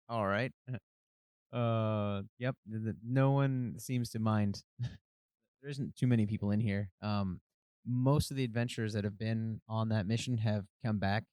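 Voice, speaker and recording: A man narrating as game master of a tabletop game, relaxed and chatty with many fillers. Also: fairly low pitch, measured pace, smooth, no room sound.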